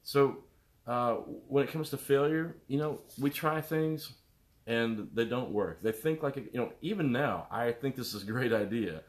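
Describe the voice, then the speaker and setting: A man's voice: mid-range voice, unhurried. A middle-aged man, a musician, rambling casually to viewers on his live stream, greeting them by name and jumping between topics. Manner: animated, jumps between topics.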